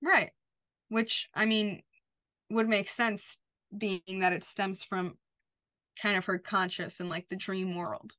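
A woman's voice: medium pitch, steady tone, takes it slowly, long pauses, bright, forceful tone, dry recording. Young woman podcaster recapping scenes, "and he's like", dry close sound. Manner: retells scenes by quoting dialogue, "and he's like". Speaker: podcast co-host. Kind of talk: casual chat recapping a TV episode.

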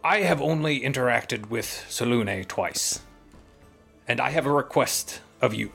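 Guy doing a polite devout big-nosed adventurer, gravelly low rasp. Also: expressive, unhurried, fairly bright tone, faint music behind. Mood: earnest. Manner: formal, polite, earnest.

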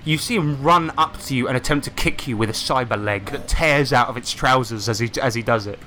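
A man's voice: medium pitch, fairly quick, pushed and bright, a little hiss or hum. A man narrating a tabletop game as game master, describing the action and often restarting his phrases.

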